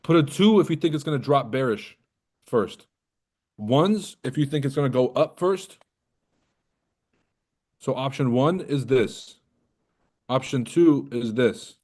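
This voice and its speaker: A man's voice: mid-range voice, lively intonation, measured pace, long pauses, a little mellow. A man hosting a trading livestream in casual, profane, joking talk, roasting and teasing his viewers. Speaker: trading coach and livestream host.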